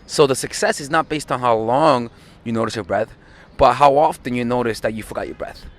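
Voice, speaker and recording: A man's voice: medium pitch, brisk. A man speaking as a dating coach in an advice video, earnest and insistent, often repeating words as he gets going.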